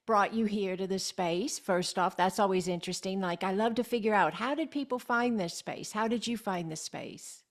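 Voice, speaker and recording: A woman's voice: mid-range voice, moderate pace, hardly any pauses. A woman hosting an interview on a video call, effusive and full of praise, often repeating herself and laughing. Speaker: host.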